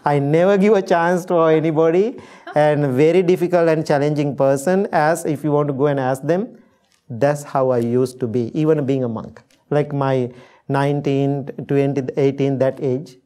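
A man's voice: a little high, fairly even intonation, normal speed, dark tone. A middle-aged Sri Lankan man, a Buddhist monk, giving a dharma talk to an audience and telling stories with acted-out quotes. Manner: storytelling with acted-out quotes, laughs easily.

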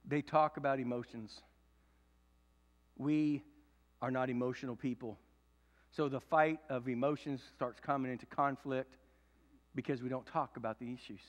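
A man in his fifties preaching a sermon, swinging from loud emphatic preaching to low confiding tones. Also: steady tone, moderate pace, pauses often, in a large hall. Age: 50s. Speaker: pastor. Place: church sanctuary.

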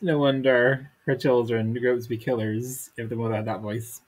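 A man's voice: mid-range voice, level tone, normal speed, rough recording. A man co-hosting a podcast, reading a comic text aloud and dropping dry, wry asides. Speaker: podcast co-host.

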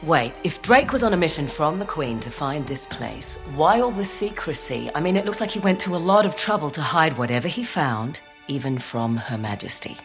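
A woman's voice: low voice, animated, normal speed, few pauses. An actress voicing a curious woman adventurer in a video game cutscene, with a puzzled, probing way of questioning. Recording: game cutscene with music underneath.

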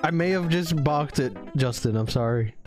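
A young man streaming himself playing a game in a tournament, excitable and jokey, yelling and swearing when things go wrong. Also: on the high side, normal speed, faint music behind. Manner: excitable, swears a lot, yells in frustration, jokey. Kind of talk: casual live-stream commentary while gaming.

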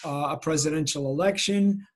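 Middle-aged man from Massachusetts, slightly raised pitch, earnest, filler-heavy lecture. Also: normal speed. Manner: earnest, many fillers, reflective. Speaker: photojournalist guest speaker. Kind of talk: informal lecture. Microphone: video call.

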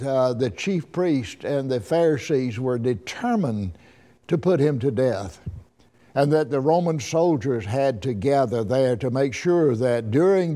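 A man with an Alabama accent teaching a Bible lesson in a folksy, halting way, often repeating his words. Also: medium pitch, dark tone.

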